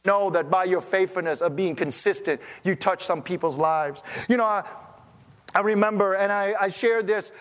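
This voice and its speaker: Man, pastor, very high voice, chatty sermon, stammers and restarts, long hall echo. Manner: conversational, storytelling, stammering restarts.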